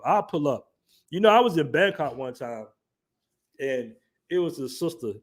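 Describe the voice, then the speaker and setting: A man in his forties hosting a livestream, talking casually in slang and joking with his chat. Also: mid-range voice. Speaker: livestream host.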